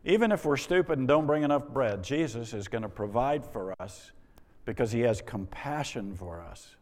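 A man's voice: mid-range voice, lively intonation, moderate pace, darkish tone. A man preaching a sermon, with wry rhetorical questions and exasperated asides. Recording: long reverb of a large hall.

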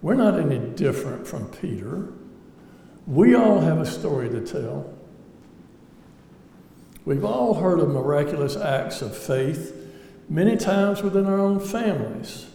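A man's voice: a little high, sing-song, a little slow, creaky, pauses often, dark tone. A man giving an earnest personal testimony to an audience, reflective with wry humor. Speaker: lay speaker giving testimony. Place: large hall before an audience. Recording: echoey hall with faint ambience.

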